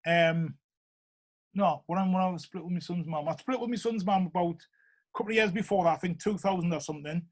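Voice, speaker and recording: A middle-aged Geordie man with a high voice tells stories at a quick clip. He is animated and rambling, and keeps checking in with "you know what I mean?" It is a relaxed, casual interview. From Newcastle, England. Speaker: interviewee, show regular.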